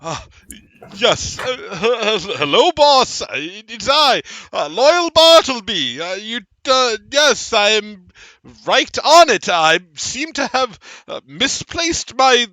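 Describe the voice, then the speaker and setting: A man's voice: extremely high pitch, sing-song, slow, bright, forceful tone, no room sound, voice pushed up, exaggerated voice. A man voicing a nervous, stammering male halfling slaver who keeps fumbling his words. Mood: flustered. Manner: stammering, fawning.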